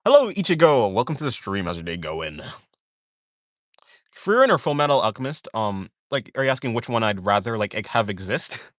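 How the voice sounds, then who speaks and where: A man's voice: medium pitch, very animated, fairly quick. A man chats casually with his viewers on a stream, answering their questions. His voice moves up and down animatedly as he talks. He wanders through his sentences, stacking fillers and restarting thoughts. The sound is dry, with no room echo. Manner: rambling, full of "like" fillers and self-corrections; reads viewer questions aloud and answers them. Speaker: art streamer chatting with viewers. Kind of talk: casual livestream chat.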